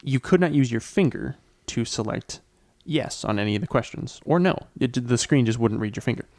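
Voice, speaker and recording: A young man talks casually on a podcast, relaxed and easygoing, with a little swearing. His voice is at an ordinary pitch for a man and sounds dry and close to the mic. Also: a little fast, no room sound. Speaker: podcast co-host. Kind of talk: casual chat.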